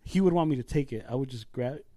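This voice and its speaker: A young man co-hosting a casual podcast, telling animated stories, laughing often and swearing. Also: medium pitch, fast talker. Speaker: podcast co-host. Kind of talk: casual chat.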